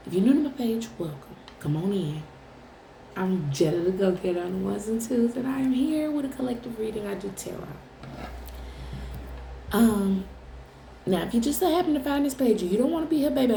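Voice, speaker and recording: A woman's voice: medium pitch, creaky, dark tone, reverberant, slight background noise, rough recording. A woman tarot reader talking straight to her viewers in a blunt, profane, teasing way. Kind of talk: casual direct-to-camera chat.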